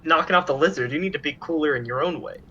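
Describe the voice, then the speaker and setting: A man with a bright, slightly high voice making goofy, chatty asides as a tabletop player. His mic comes through dull and lo-fi. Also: quick pace. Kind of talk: casual tabletop game chat.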